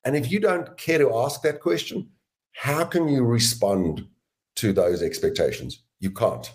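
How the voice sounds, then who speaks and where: A man being interviewed as a guest author and sales educator, giving measured, deliberate explanations. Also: mid-range voice, lively intonation. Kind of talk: interview answers.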